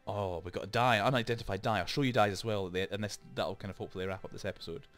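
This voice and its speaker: A man's voice: lowish voice, steady tone, rapid-fire, a bit bright, faint music behind. A man hosting a let's play, chatting and rambling through explanations with lots of asides, into a desk microphone. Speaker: gaming channel host.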